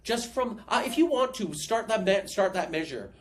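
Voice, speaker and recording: A woman with a medium-pitched, expressive voice gives an online piano lesson over a video call at a normal speed. Patient and encouraging, she counts beats aloud and scats rhythms for her student.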